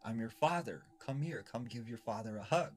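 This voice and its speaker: A man's voice: mid-range voice, expressive, moderate pace, lightly acted. A man voicing a male Wendigo that pretends to be a dead father, coaxing and then menacing.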